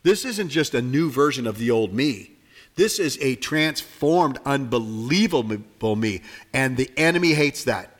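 An older man preaching a conversational sermon as a pastor, acting out everyday dialogue to make his points. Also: fairly high pitch. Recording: reverberant hall.

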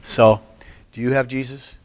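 A man's voice: mid-range voice, level tone, measured pace. A middle-aged man, a pastor, giving an informal sermon and chatting earnestly with a small group.

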